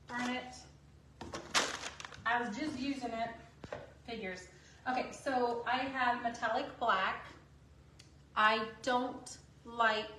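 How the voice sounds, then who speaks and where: Woman craft host, fairly high voice, chatty asides, echoey room with faint hiss. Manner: chatty, self-deprecating asides. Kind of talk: casual painting tutorial. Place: craft studio table.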